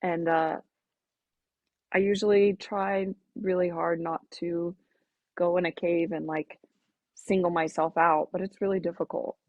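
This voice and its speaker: A woman guest on a podcast, talking in an earnest, reflective, halting way in casual interview chat. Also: on the low side, little pitch movement, dry recording. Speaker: podcast guest, melanoma advocate. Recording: dull lo-fi podcast audio.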